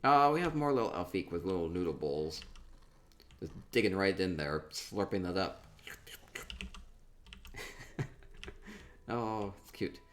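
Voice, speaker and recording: A man chatting casually through a tour of a game, upbeat and quick to repeat himself, with soft laughs between remarks. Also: deep voice. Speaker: gaming streamer touring player-built homes. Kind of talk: casual gameplay commentary.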